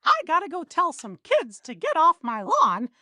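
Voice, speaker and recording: Lady playing a grumpy old guy yelling at kids online, high and jumpy. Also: wildly swooping pitch, moderate pace, dry recording, exaggerated voice. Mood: cranky. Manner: cranky, preachy ranting. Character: grumpy old man ranting at internet kids.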